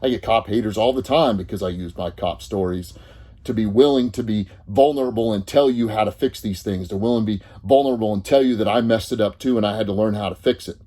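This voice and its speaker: A man's voice: lowish voice, quick pace, warm tone, slightly rough. A middle-aged man, a therapist talking bluntly and confrontationally to the viewer, swearing freely. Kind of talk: blunt motivational monologue to camera.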